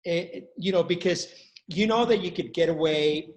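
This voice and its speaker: Halting man asking interview questions. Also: on the high side, a little mellow, rough recording. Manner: halting, restarts and repeats words. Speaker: podcast host.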